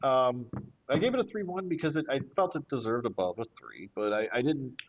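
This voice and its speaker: A man's voice: mid-range voice, sing-song, a little fast, heavy background noise. A man co-hosting a casual podcast tasting, who drops playful asides. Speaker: podcast co-host. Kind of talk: casual chat. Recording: dull lo-fi audio.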